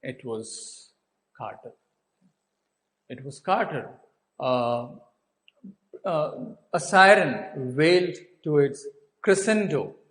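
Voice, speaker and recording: Slow-talking Indian teacher explaining a story. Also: male voice, a little high, animated, a bit bright, rough recording. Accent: Indian English. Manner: asks rhetorical questions and answers them. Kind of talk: explaining a textbook story to a class.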